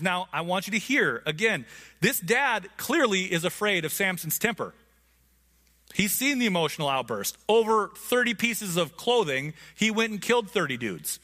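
Man, bright voice, casual Bible lesson, conversational, checks in with listeners. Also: high-pitched, sing-song, a little slow. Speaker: Bible teacher.

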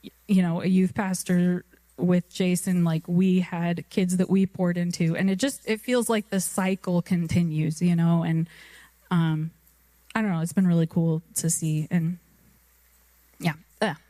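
A woman's voice: on the low side, fairly even intonation, a little slow, warm tone, no echo. A woman in her thirties preaching a sermon, telling a personal story in a chatty way and laughing often. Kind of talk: anecdote in a sermon.

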